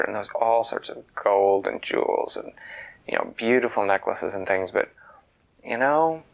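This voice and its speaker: Husky man telling a children's story. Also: mid-range voice, poor audio. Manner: soft, half-whispered, conversational. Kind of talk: children's bedtime story narration.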